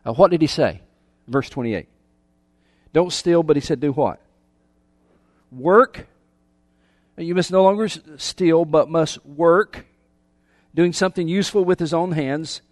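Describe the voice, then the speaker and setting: A pastor preaches conversationally, asking his listeners questions and often repeating words. His fairly high voice is unhurried with frequent pauses, recorded cleanly in a studio without echo.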